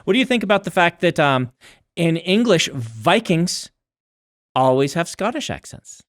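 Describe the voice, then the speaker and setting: A man's voice: fairly high pitch, big pitch swings, moderate pace, no room sound, studio quality. A man co-hosting a podcast, chatting casually and explaining with rambling, self-correcting asides. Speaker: podcast co-host, author. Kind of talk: casual chat.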